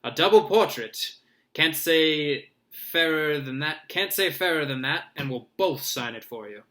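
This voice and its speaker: A man reading aloud, voicing a vain, flamboyant teacher who speaks in a booming, jovial and self-important way. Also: expressive, a little slow, pushed and bright.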